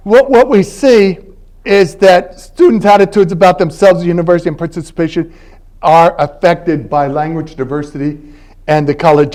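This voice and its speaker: A man's voice: high voice, darkish tone. A man in his eighties, from Philadelphia, giving a university lecture as a guest linguist in a conversational storytelling way, often checking in with the audience with "all right?". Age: 80s. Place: university library event space.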